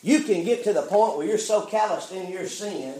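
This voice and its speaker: High-voiced preacher in an echoey church. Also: male voice, expressive, normal speed, dark tone. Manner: preaching with call-and-response, repeats "friend" and "why?". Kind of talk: fiery sermon. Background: congregation calling amen.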